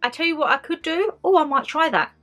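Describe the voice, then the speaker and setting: A young British woman talks through a shopping haul for her viewers in a bright, slightly high voice. She is excitable and chatty and keeps calling her audience "guys". Faint background music plays under her voice. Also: quick pace. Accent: British English. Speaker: vlogger. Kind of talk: casual shopping haul vlog.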